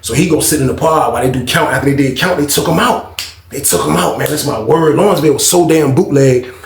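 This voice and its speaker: A man's voice: on the high side, fast talker, gravelly, roomy sound, a little hiss or hum. A man telling a prison story casually and animatedly, repeating lines and acting out quotes. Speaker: storyteller recounting prison life.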